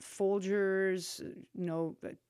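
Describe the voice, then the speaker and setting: A woman sommelier co-hosting a podcast in casual chat, talking in a chatty, animated way with loose asides and laughter. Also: mid-range voice, extremely slow, clean tone, no echo, studio quality.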